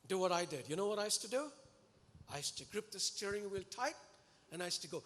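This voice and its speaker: Man, sermon, earnest preacher, fairly high voice, long hall reverb. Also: fast. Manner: earnest and animated, pleading and exhorting the congregation.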